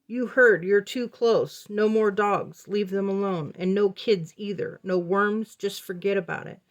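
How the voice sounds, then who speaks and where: A woman reads a tense teenage boy laying down the law, very slowly and firmly. Each warning comes short and clipped, at a middling pitch close to her plain reading voice. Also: close to an everyday voice.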